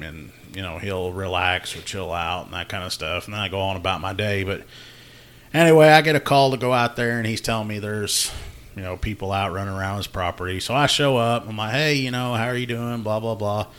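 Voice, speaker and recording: A man's voice: fairly low pitch, fairly bright tone. Laughing man telling a story. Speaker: podcast host, law enforcement officer. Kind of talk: casual storytelling chat.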